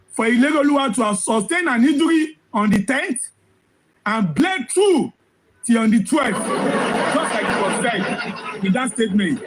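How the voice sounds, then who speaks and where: A man giving impassioned commentary, hoarse from losing his voice, firing off rhetorical questions and repeating phrases for emphasis. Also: very high voice, rough recording. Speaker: social commentator.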